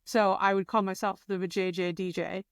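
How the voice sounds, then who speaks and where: A young woman chats on a podcast, bubbly and expressive, full of fillers. Her voice is smooth and clear at a middle pitch. The recording is close and dry. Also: normal speed, dry recording. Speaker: podcast co-host. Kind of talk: casual chat.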